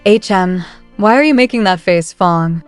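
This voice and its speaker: A woman's voice: mid-range voice, a little slow, clear, resonant tone, soft background music, lightly acted. Woman reads young male duke, direct and kind, own voice, storybook recap. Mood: matter-of-fact. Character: young duke, blunt but caring.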